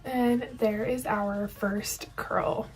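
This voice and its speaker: A woman's voice: medium pitch, fairly even intonation, very slow. Young woman doing a chatty hair tutorial, upbeat, faint music underneath. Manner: chatty, upbeat, demonstrating as she goes. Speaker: beauty vlogger.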